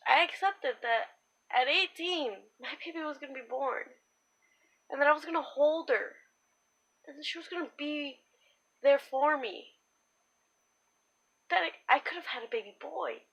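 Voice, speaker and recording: A young woman speaks slowly, pausing often and trailing off between phrases as she tells a personal story to the camera. Her voice sits a little high, and her delivery is frank and unpolished, full of fillers and restarts. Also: a bit bright, rough recording. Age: young adult. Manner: slow, halting, candid speech with many pauses and fillers. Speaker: vlogger telling her own story.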